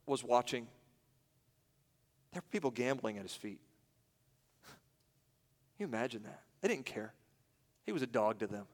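A man preaching a sermon, pitched a little high, who swings between raised, driving emphasis and near-hushed quiet. His voice rings out into a big, reverberant hall. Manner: dramatic, swings from loud to hushed. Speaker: pastor.

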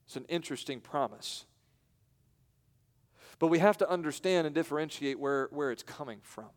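A man preaching a sermon, his voice smooth and resonant and pitched a little high. He builds slowly with long pauses and sometimes acts out the voices in the stories he tells. His words ring out in a long church reverb. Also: animated. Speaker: pastor. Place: church sanctuary.

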